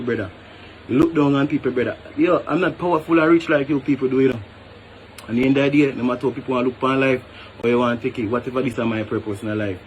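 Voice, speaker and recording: A man's voice: mid-range voice, slight background noise. A man with a Jamaican accent, a hotel worker venting emphatically and tagging phrases with "brother". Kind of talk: venting to camera.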